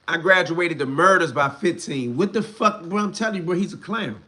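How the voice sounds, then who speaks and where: Expressive and brisk, with a sharp tone, this young livestream host rants angrily, swearing heavily in blunt street slang. The more worked up he gets, the higher his voice climbs.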